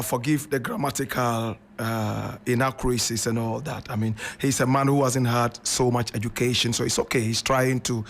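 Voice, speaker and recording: A man giving online commentary in a mocking, exasperated, emphatic manner. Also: mid-range voice.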